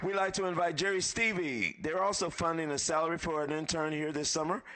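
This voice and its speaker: A man's voice: a little high, a little fast, background noise. A man emceeing a live event, thanking sponsors and calling guests up one by one in an upbeat way.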